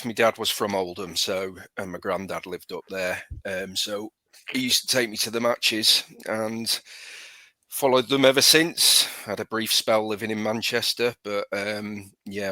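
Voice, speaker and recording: Bright-voiced northern English man. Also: lowish voice, no room sound. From southern England. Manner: relaxed anecdotal storytelling. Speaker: podcast guest. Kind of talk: casual chat.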